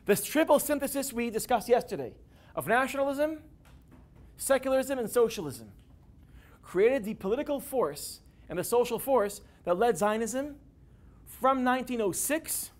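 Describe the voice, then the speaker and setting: A man giving a classroom lecture, animated and building to emphatic peaks. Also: very high voice, moderate pace.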